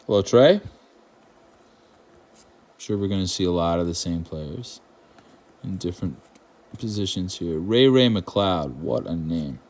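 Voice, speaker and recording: A man's voice: low-pitched, animated, a little slow, long pauses, a little mellow. A man born in Ireland, hosting his own channel, chatting casually and wryly as he opens trading card packs, with rambling asides and mock outrage. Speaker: card-opening channel host. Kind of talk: casual card-opening commentary.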